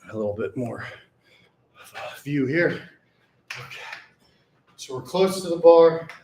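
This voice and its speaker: A man talking casually to his camera between sets, swearing freely and pumping himself up, sometimes a little out of breath. His voice sits a touch on the higher side. The sound bounces around an echoey gym room. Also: lively intonation, measured pace, background noise. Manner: profane, hyped self-talk between sets. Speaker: fitness vlogger. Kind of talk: casual workout vlog talk.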